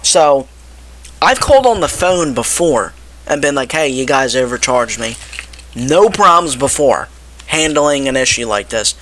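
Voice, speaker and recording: Young guy ranting, bright pushy voice, gets all worked up, quotes everybody. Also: mid-range voice, a little slow, slight background noise. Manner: animated, exasperated, quotes people in his telling. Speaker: vlogger. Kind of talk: casual ranting story to camera.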